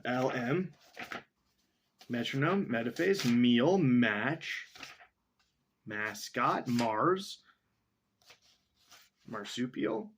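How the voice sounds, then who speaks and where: A man's voice: mid-range voice, lively intonation, drawn-out words, pauses often, a little hiss or hum. A young man casually reading a story aloud, rambling off into asides and dictionary look-ups.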